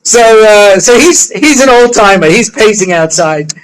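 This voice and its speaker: A man's voice: sits high, animated, measured pace, clean tone, rough recording. A middle-aged man, a rabbi, giving a humorous lecture full of stories, jokes and conversational asides.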